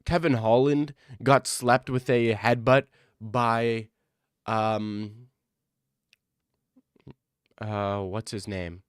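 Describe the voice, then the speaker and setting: A man streaming in casual chat, reacting to viewers, excitable and profane, often repeating himself. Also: mid-range voice, no echo, studio quality.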